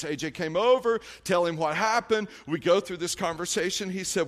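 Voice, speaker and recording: A man's voice: high voice, sing-song, moderate pace. A middle-aged man, preaching a sermon, telling a story conversationally with fillers and restarts before building to emphatic exhortation. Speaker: pastor.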